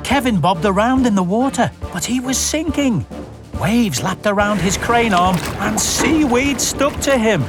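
A woman reading a children's storybook aloud in an expressive, animated way. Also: a little high, unhurried, over loud music.

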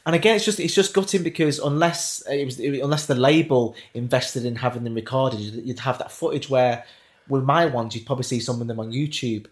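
A man, a singer, chatting as an interview guest, telling animated stories with frequent restarts. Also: mid-range voice, brisk. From Ireland. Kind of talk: casual interview chat.

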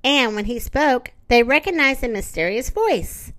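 A woman reading a children's story aloud, gentle and expressive. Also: sits high, measured pace.

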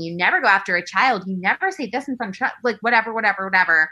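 A woman in casual chat, ranting fast and animated, full of fillers and swearing. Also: medium pitch, breathy edge, low-quality recording.

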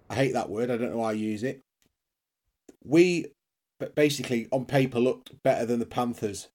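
A man in casual sports chat, giving a blunt, deliberate breakdown of a loss. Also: mid-range voice, warm tone.

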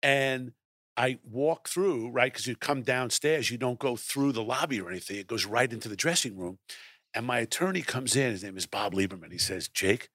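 A middle-aged man tells a story with lively energy. He acts out his own lines as he goes. His voice is mid-pitched and recorded close and dry. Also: normal speed, no room sound. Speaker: guest storyteller. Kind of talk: animated anecdote telling.

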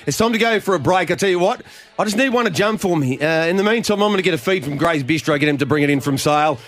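A man's voice: on the high side, expressive, fast, fairly bright tone. A man hosting a live radio racing show, bantering and throwing to breaks. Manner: chatty, joking, throws to breaks.

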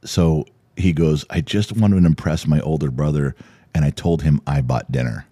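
A middle-aged man co-hosting a podcast at home, animated and swearing freely as he tells family stories. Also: extremely low pitch, normal speed, husky. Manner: animated, swears freely, acts out quotes loudly. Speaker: podcast co-host. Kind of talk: casual chat.

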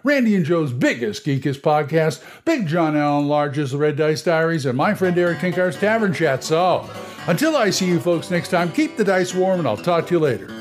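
A man's voice: a little high, lively intonation, moderate pace, faint music behind. A man hosting a podcast, telling game stories in a casual, rambling monologue. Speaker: podcast host. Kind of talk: casual monologue on tabletop games.

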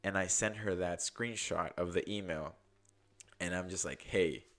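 A podcast host telling a casual, rambling story, full of fillers and quoted self-talk. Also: male voice, low-pitched, a little slow, fairly bright tone. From United States.

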